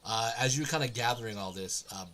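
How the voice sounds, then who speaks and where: A man's voice: medium pitch, a little fast, fairly bright tone, a little hiss or hum. A man running a tabletop game as game master, describing scenes and explaining rules with many fillers.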